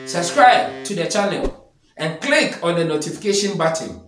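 A man's voice: high voice, expressive, moderate pace, a bit bright, faint music behind. Emphatic Ghanaian man preaching in echo. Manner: switches between Twi and English, emphatic and declamatory. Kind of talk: preaching response sermon.

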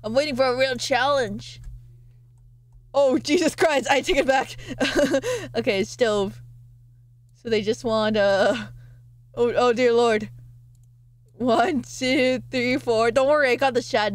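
A woman's voice: high-pitched, slow pace, long pauses. A woman streaming a game, chatting casually and playfully, rambling with frequent laughs.

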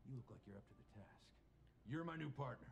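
A swaggering hard-boiled detective. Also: male voice, mid-range voice, lively intonation, fairly quick, dull audio, slight background noise. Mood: wisecracking. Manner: gruff swaggering bravado with dark humor. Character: brash hard-boiled male detective, cocky and bossy. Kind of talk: acting in an interactive murder-mystery film.

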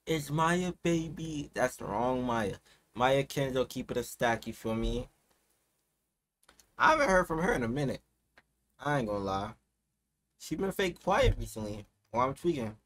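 A man hosting a reaction video, talking casually with lots of slang and swinging into loud, excited outbursts. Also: medium pitch, a little hiss or hum. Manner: slangy, keeps saying "you feel me".

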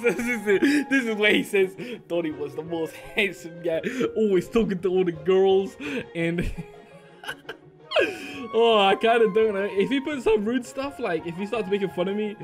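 A young man doing playful gaming commentary, excitable and jokey, swinging between mumbled asides and shrieks. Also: high-pitched, normal speed. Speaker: Minecraft YouTuber. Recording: faint background music.

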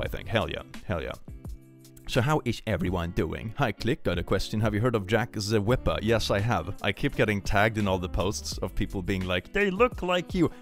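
Lively male streamer. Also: fairly low pitch. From Sweden. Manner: animated, thanks viewers and reads chat aloud. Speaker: livestreamer. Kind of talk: casual livestream chat.

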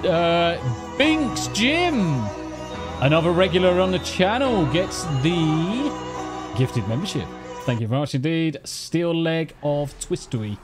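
A man streams a game with a voice that sits a bit high and swings widely. He swears freely, teases the people he plays with and thanks viewers by name, while faint music runs behind him. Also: sing-song, slow pace. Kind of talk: casual live-stream chat.

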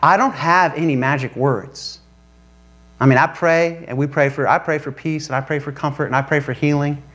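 A male pastor preaching a sermon to a congregation, animated and emphatic, with joking asides. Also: on the high side, moderate pace. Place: church before a congregation.

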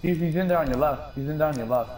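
A man's voice: on the high side, quick pace, over music. A man gaming with friends in casual chat, brash and cursing, barking out callouts. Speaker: gamer.

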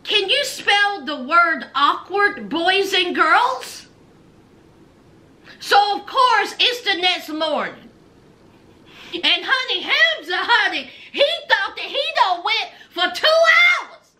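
A woman's voice: very high-pitched, animated, slow, bright, forceful tone. A woman giving a sassy, teasing casual recap of a reality show.

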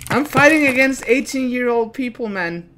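A woman streaming a game live, swearing freely and breaking into panicked shouts. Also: fairly high pitch, expressive, moderate pace, background noise. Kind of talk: live gameplay commentary.

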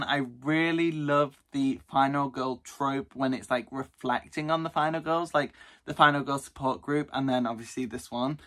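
A man's voice: medium pitch, moderate pace, a bit bright. A young man rambling casually about books on his shelves, with lots of fillers. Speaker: booktuber. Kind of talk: casual chat.

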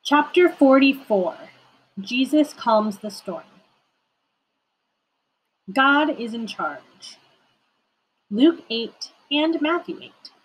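Young woman, children's read-aloud, expressive, slow, breathy. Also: mid-range voice, rough recording. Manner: warm, expressive storytelling. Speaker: children's ministry reader.

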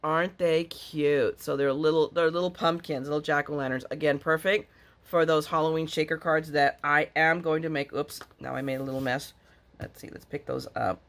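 A woman's voice: sits low, fairly even intonation, normal speed. A woman vlogger chatting casually to her viewers while she unboxes craft supplies. She gushes and rambles, restarts her sentences, and breaks into sudden gasps and squeals of delight.

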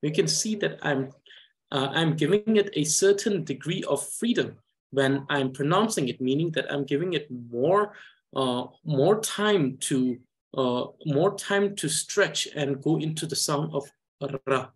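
A male language teacher with a Tibetan accent, talking at an unhurried, deliberate pace. He explains how syllables are pronounced, repeats each sound several times, and pauses often, like a tutor drilling students. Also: on the high side, lively intonation. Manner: patient, repeats syllables slowly for students to follow. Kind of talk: reading lesson with repeated drills.

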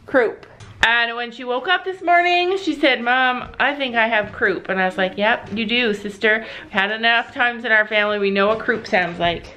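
A woman's voice: fairly high pitch, bright, forceful tone. A middle-aged Canadian woman chatting casually in a family vlog, explaining things in a motherly way. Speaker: vlogger mom.

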